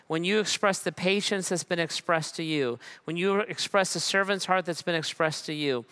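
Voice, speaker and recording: Smooth, bright-voiced male pastor. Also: high voice. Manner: conversational and relaxed, with repeated phrases and slow emphatic pauses. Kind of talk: sermon. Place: church.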